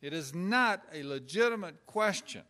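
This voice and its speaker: Conversational man with a somewhat high voice. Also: lively intonation, moderate pace, bright, forceful tone. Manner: conversational, acts out example dialogue in quotes. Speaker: instructor on pastoral caregiving. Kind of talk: informal lecture with numbered points.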